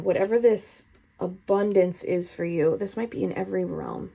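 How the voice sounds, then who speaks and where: Mellow-voiced woman giving a tarot reading. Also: fairly low pitch, normal speed, vocal fry, slightly rough. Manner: chatty and expressive, swears, laughs often. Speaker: tarot reader.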